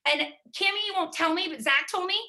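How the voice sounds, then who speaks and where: A woman's voice: very high-pitched, fairly quick, pushed and bright. A woman giving an emphatic motivational talk to her team over a video call, driving home her points with repetition. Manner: emphatic, driving, repeats key words.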